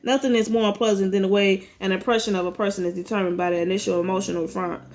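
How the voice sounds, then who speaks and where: A man's voice: sits high, very fast, voice pushed down, lightly acted. Woman reading as a blunt robotic male student. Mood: clinical. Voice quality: flat, robotic delivery. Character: cold, blunt male psychology grad student.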